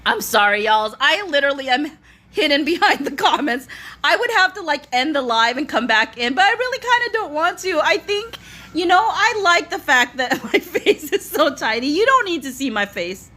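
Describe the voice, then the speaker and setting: A woman's voice: high voice, expressive, normal speed, pushed and bright. A woman hosting a casual live stream from her phone, laughing to tears while reading viewer comments aloud. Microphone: phone front camera.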